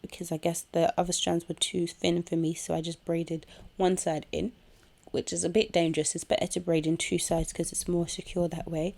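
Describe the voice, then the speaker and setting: A woman's voice: lowish voice, flat delivery, moderate pace, vocal fry, a little mellow. A young woman hosting a casual hair tutorial at home, chatting through each step while chewing gum. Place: home room with a kettle nearby.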